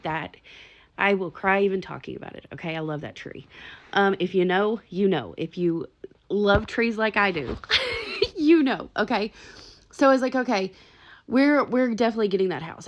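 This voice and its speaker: Chatty woman, slightly low voice. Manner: chatty, animated, swears and laughs often. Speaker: spiritual storyteller. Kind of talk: casual storytelling.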